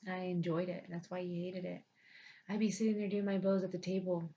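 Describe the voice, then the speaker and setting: A woman's voice: fairly low pitch, little pitch movement, brisk, dark tone, slight background noise. A woman recounting her own life story in a blunt, profane, emphatic way. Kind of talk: personal storytelling. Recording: dull lo-fi recording.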